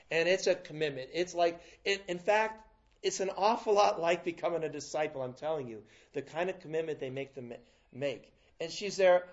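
A man giving a sermon, telling a story with frequent restarts and big swings between loud and soft. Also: on the high side, lo-fi sound. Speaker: preacher.

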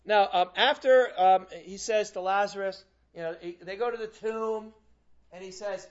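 A man's voice: sits high, moderate pace. A man teaching a Bible class, reading scripture aloud and acting out the quotes in a casual, joking way. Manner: conversational, acts out quotes with humor. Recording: dull lo-fi classroom recording.

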